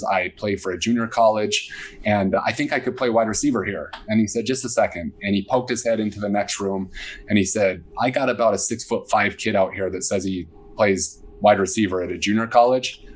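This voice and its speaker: A man with a somewhat low voice tells a personal story to an interviewer. He talks casually and animatedly, stepping into the voices of the people he quotes. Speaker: guest.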